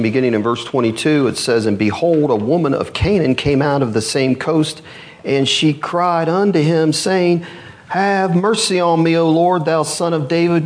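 A man preaching a sermon, telling a Bible story in an animated way, swinging from loud to hushed. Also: on the high side. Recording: church service recording.

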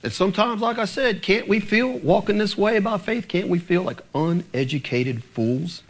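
A man preaching a sermon to his congregation, emphatic and animated, speaking to them directly. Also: sits high, normal speed. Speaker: pastor.

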